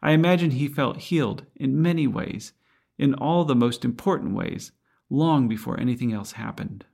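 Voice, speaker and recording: A man's voice: medium pitch, moderate pace, gravelly, darkish tone, slightly rough. A man preaching a sermon in an earnest, reflective way, asking rhetorical questions.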